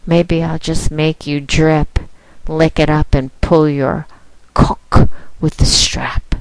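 A woman's voice: low-pitched, level tone, takes it slowly, clean tone, no room sound, low-quality recording. A woman speaking as a dominant mistress, with a teasing, commanding manner in a casual monologue aimed at one listener. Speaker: phone domination mistress promoting her line.

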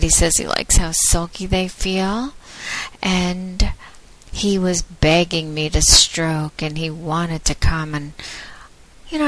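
A woman doing a casual spoken blog in a slow, teasing, drawn-out way. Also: sits low, poor audio. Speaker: adult webcam domme blogging.

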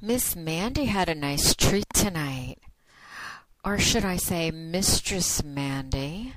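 Playful low-voiced woman host. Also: lively intonation, takes it slowly, no room sound, low-quality recording. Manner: playful and teasing. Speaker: podcast host. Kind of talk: casual spoken monologue.

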